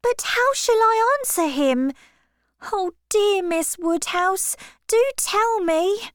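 A woman voicing an anxious, timid young woman who pleads in a high, breathless voice. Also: animated, takes it slowly, no echo, clean studio sound, full character voice.

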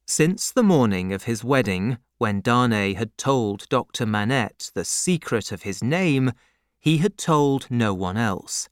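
A man reading a novel aloud in a measured, expressive narration. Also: medium pitch, no room sound, clean studio sound. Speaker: audiobook narrator. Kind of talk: scripted narration.

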